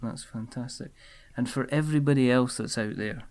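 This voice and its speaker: A man hosting a casual podcast chat, chatty and quick to laugh. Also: mid-range voice, darkish tone. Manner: chatty, laughs often, lots of fillers. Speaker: podcast host.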